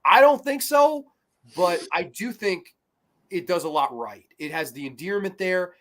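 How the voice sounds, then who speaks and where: A man in casual podcast chat about movies, animated and swearing freely, often trailing off into fillers. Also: high-pitched, unhurried. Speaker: podcast co-host.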